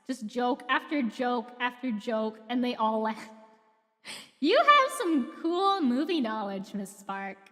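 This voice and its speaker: A woman's voice: a little high, very animated, slow, fairly bright tone, big-room sound. A young woman streamer chatting playfully between lines of a script she is reading on stream. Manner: playful, giggly asides.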